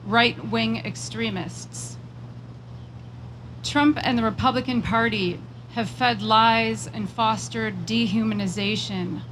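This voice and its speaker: A woman giving a prepared political speech at a rally, measured and emphatic, slowing down on repeated phrases and moving into personal storytelling. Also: medium pitch, a bit bright, slight background noise, rough recording. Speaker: rally speaker.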